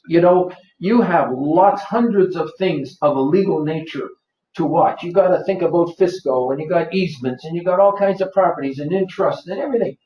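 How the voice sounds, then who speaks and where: High-voiced male seminar presenter, coaxing, repeats key points, recorded far off in a roomy space. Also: mellow. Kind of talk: live workshop lecture. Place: office seminar room. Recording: roomy, distant, dull lo-fi.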